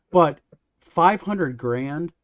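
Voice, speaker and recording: A male host leading a casual livestream discussion, blunt and emphatic. His voice sits a little above the usual male pitch. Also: expressive, extremely slow.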